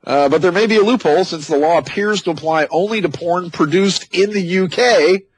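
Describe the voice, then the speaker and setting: A man's voice: high voice, brisk, breathy edge, dry recording, low-quality recording. A man hosting a talk radio show, reading news items and breaking in with sarcastic, mocking asides. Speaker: radio host. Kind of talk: opinionated talk radio commentary.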